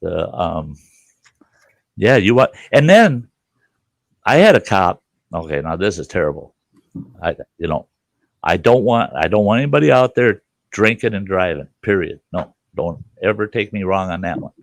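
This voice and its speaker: Profane older man spinning yarns, lively pitch. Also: moderate pace, gravelly, no room sound. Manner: profane, animated yarn-spinning with acted quotes. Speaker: host. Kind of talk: casual campfire storytelling.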